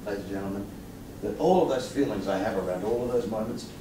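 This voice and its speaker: A man's voice: lowish voice, fast, mellow, reverberant, far from the mic, slight background noise. A man telling a stand-up story, swearing, mocking himself and laughing along. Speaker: stand-up comedian.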